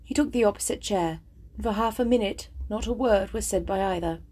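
Husky woman reader, chatty and eager between chapters, steady narration of a classic novel. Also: mid-range voice, fairly quick. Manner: chatty, self-deprecating, eager. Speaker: audiobook reader. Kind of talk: casual intro then novel narration.

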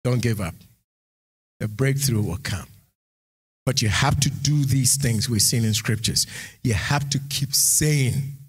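A man preaching a sermon who reads scripture aloud and builds into shouted, sing-song exhortation. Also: mid-range voice, breathy edge. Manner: reads scripture aloud, King James phrasing. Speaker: pastor.

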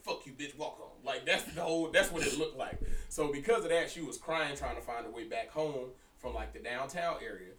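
A young man co-hosting a podcast, telling a story in casual, profane chat with an animated delivery. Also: mid-range voice, recorded from a distance. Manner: animated, profane, breaks into laughter. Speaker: podcast co-host. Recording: roomy echo, somewhat off-mic.

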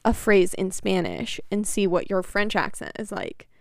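A woman's voice: mid-range voice, very animated, moderate pace, creaky, no room sound, clean studio sound. A young woman co-hosting a podcast in casual chat, chatty and laughing often. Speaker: podcast co-host.

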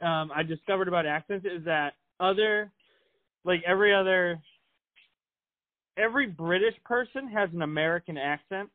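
A man in his thirties hosts a casual podcast interview, enthusiastic and laughing easily. His voice is high for a man. It sounds thin and phone-like. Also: normal speed. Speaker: podcast host. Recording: tinny phone-like line.

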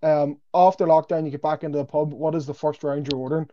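A Northern Irish man rattling off questions at speed on a casual podcast, joking as he goes. His voice is fairly high and mellow, and the recording sounds dull and lo-fi. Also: steady tone, fast, a little hiss or hum. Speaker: podcast co-host. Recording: dull lo-fi audio.

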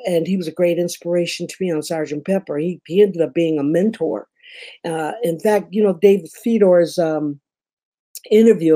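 A woman's voice: lowish voice, warm tone. An older woman with a Memphis Southern accent, telling rambling stories as an interview guest, laughing often. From Memphis, Tennessee. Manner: chatty, rambling, laughs often, says "you know" a lot. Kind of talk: casual storytelling interview.

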